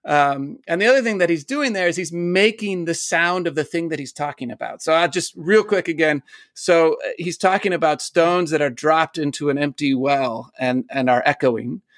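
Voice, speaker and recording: A man's voice: on the high side, normal speed, fairly bright tone, no room sound. A man, a poet and teacher, talks as a guest in an interview and explains ideas eagerly, laughing often. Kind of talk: casual interview talk.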